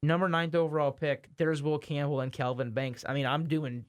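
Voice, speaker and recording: A man's voice: a little high, level tone, moderate pace, no echo, clean studio sound. A man, co-hosting a sports podcast in casual chat, rambling and correcting himself, sometimes exasperated.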